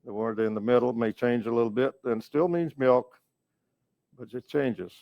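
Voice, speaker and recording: A man from North Carolina teaching a language lesson, going slowly and patiently, repeating each word and chuckling now and then. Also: medium pitch, creaky, dry recording. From North Carolina, USA. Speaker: educator and storyteller. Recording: dull, lo-fi recording.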